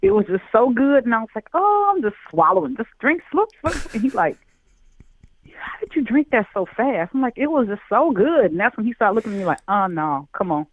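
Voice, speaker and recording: Talking quickly with few pauses, a high-pitched man from Chicago tells a story as a guest on a call-in chat. He's in his forties and animated, voicing the people he quotes. The phone line sounds tinny and dry.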